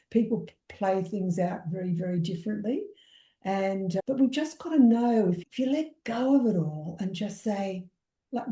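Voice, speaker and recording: A woman from Australia with a mellow, warm tone, telling stories in a lively way and acting out each quote. Her voice rings out in an echoey room. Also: medium pitch. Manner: animated storyteller who acts out quotes. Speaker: energy healer, guest. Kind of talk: casual conversation.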